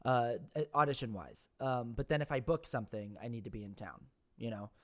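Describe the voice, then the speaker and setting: A man's voice: medium pitch, brisk. A man being interviewed as a guest over a remote call from home. He talks casually and rambles through stories, full of fillers. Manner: rambling, filler-heavy storytelling. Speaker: interview guest, actor and content creator. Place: at home, his brother's house.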